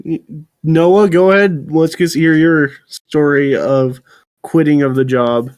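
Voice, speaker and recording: A man's voice: fairly high pitch, steady tone, takes it slowly, a little mellow, no echo. A young man in casual podcast chat who prompts and corrects his friends. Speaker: podcast co-host.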